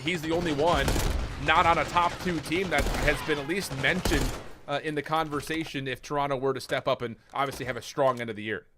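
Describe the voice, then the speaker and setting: A man's voice: fairly high pitch, a little fast, background noise. A man casually co-casting an esports match, chatty and jokey, rambling with lots of fillers. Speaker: esports co-stream caster.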